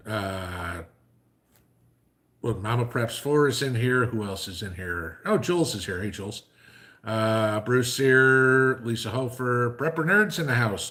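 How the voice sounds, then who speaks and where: A man's voice: lowish voice, bright, forceful tone. A man hosting a casual livestream who talks in a loose, rambling way, full of fillers, and tells jokes. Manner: rambling, filler-heavy, joke-telling. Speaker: livestream host.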